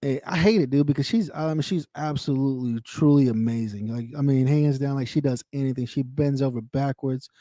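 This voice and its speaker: A man's voice: medium pitch, brisk, few pauses, mellow, no echo, studio quality. A man talking candidly on his own livestream, swearing freely, repeating himself and speaking to viewers by name. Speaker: livestream host. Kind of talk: casual emotional chat.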